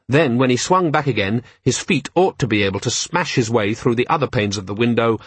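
A man narrating a novel in a measured, dry storytelling manner. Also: medium pitch, lively intonation, husky, dry recording. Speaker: audiobook narrator. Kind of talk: scripted narration.

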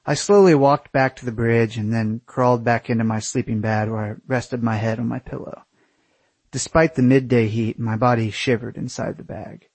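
A man's voice: medium pitch, fairly even intonation, moderate pace, darkish tone, breathy edge, no room sound. A young man narrating his own travel story in the first person, crude and wry.

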